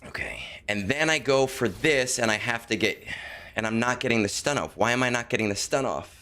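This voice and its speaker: A man's voice: mid-range voice, fairly quick, pushed and bright. A man streaming a video game, chatting casually with viewers and muttering to himself as he works out his moves. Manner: muttering to himself, self-correcting. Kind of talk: casual livestream chat while playing.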